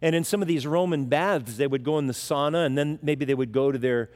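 Conversational preacher in a reverberant hall. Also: male voice, fairly high pitch, a little fast, darkish tone. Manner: conversational preaching, acts out quoted voices. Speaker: pastor. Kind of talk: sermon, verse-by-verse Bible teaching.

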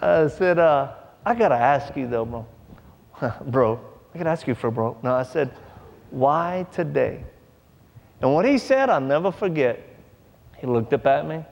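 Gravelly-voiced preacher telling a story. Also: male voice, mid-range voice, normal speed, in a large hall, muffled recording. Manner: animated, acts out voices in his stories; folksy, drawling informal speech. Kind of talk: sermon storytelling.

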